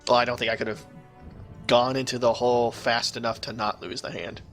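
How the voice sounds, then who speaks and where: A sardonic, profane man chats as a tabletop game player. His voice has a gravelly, creaky edge at a middle pitch. Faint music plays behind him. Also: level tone, a little fast, a bit bright. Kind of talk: casual tabletop game chat.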